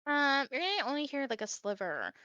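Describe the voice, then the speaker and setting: Bright-voiced woman running a tabletop game. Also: high voice, big pitch swings, fairly quick, dry recording, dull audio. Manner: hesitant, filler-heavy narration. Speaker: game master.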